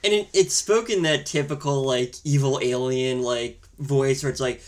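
A man's voice: medium pitch, moderate pace. A man co-hosting a casual movie review chat, rambling and hesitant with wry humor. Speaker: podcast co-host.

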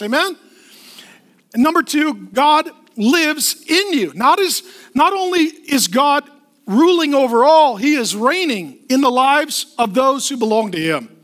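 High-voiced preacher with emphatic repetition. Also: male voice. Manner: emphatic, rhythmic repetition with lively storytelling asides. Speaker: pastor. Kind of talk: sermon.

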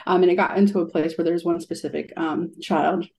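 A woman's voice: fairly low pitch, fairly even intonation, brisk, a little mellow. A young adult woman, an art therapist, telling a heartfelt story in a radio interview, with many ums and likes.

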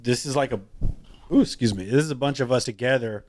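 A man's voice: medium pitch, fast talker, darkish tone, slight background noise. A man, a podcast guest talking casually, laid-back and rambling, swearing freely with many restarts. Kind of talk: casual chat.

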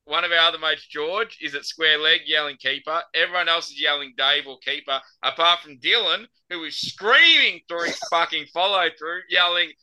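A man's voice: on the high side, steady tone, a little fast, few pauses, pushed and bright, smooth, poor audio. A young Australian man on a podcast, telling a rambling story full of swearing. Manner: swears freely, rambling anecdotal delivery. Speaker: podcast host. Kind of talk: casual storytelling chat.

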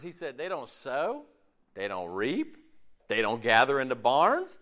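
At a measured pace and medium pitch, a pastor gives a conversational, lively sermon. He acts out his inner dialogue using shifting voices and often pauses to ask the listeners "okay?"

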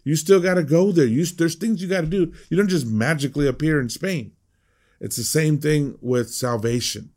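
A man's voice: a little high, moderate pace, darkish tone. Emphatic conversational man preaching. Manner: conversational, emphatic, repeats words. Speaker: pastor. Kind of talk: sermon.

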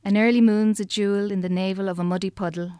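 An Irish woman reads her own poem aloud, measured and expressive. Her voice is smooth and clear, in a mid range, and the recording is dry and close. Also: medium pitch, no room sound. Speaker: poet. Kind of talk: poetry reading.

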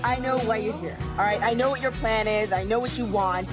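A woman's voice: a little high, a little fast, lightly acted. Actress doing a flustered teen girl, jittery, saying no over and over, music under her. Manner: rattled, repetitive refusals.

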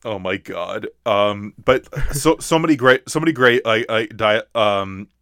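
A man's voice: lowish voice, measured pace, a bit bright, no echo, studio quality. A man co-hosting a casual movie talk, rambling with many restarts and fillers. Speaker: podcast co-host.

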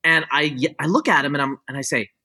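Fast-talking and a little high, this man's voice is bright and forceful, though the audio is poor. He's a middle-aged speaker in casual conversation, explaining his opinions at length with constant restarts and "like" and "you know" fillers.

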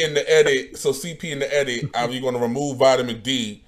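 A man's voice: mid-range voice, steady tone, a little fast, few pauses, a loud crowd. A man hosting a podcast, joking and slangy in casual chat. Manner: laid-back, joking, slangy. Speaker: podcast host.

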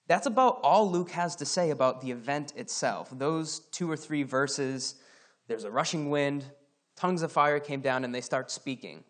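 A man's voice: mid-range voice, a bit bright. A man from Scotland giving a casual Bible teaching, talking conversationally and reading scripture passages aloud.

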